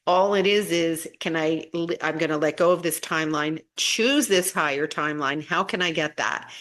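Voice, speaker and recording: A woman casually teaching about spiritual energy and healing, chatty and relaxed, often repeating herself and restarting sentences. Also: low voice.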